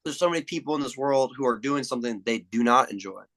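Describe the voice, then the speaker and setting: Bright-voiced young man, casual and profane. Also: mid-range voice, fast, low-quality recording. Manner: relaxed, swears freely, acts out movie lines. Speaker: podcast guest. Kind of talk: casual chat.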